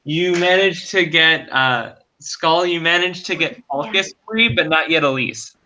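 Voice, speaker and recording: A man's voice: fairly high pitch, unhurried, sharp tone, lo-fi sound. A man narrating a tabletop game as dungeon master, hesitant with many fillers.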